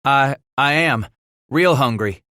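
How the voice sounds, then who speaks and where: Guy putting on a shy starving farm boy, higher voice, stammers, dry sound. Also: slow pace, pushed and bright, dry recording. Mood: earnest. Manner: stammering, eager.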